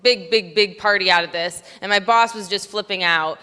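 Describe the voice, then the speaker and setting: A woman's voice: mid-range voice, normal speed, pushed and bright, clear, resonant tone. A woman giving an earnest motivational talk on stage, telling stories and quoting others as she goes. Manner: earnest, storytelling, quotes others in her own voice. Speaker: speaker at a business convention. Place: stage in a large venue. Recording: large hall with long reverb.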